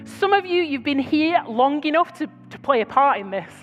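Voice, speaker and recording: A British woman preaching to her church, telling stories in a chatty, conversational way with quick asides. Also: sits high, animated, a bit bright, big-room sound, faint music behind. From Britain. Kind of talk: sermon. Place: large church hall.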